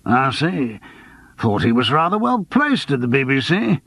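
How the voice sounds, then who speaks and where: A man's voice: mid-range voice, unhurried, creaky, husky, no echo, heavily acted. A man voicing a worldly, wry lawyer who is an old friend of the hero, in an audiobook. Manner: wry, teasing, lively. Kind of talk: audiobook character voice.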